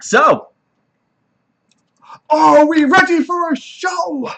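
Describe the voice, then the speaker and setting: Guy putting on a big showy godlike stranger, booming, way up high. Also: extremely slow, creaky, sharp tone, exaggerated voice.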